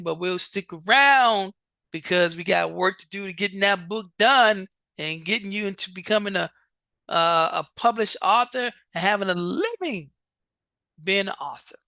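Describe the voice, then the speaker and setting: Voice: mid-range voice, a little slow, bright, forceful tone, no echo. A coach hosting a live online show and announcing competition vote results with hype, often repeating words and restarting sentences.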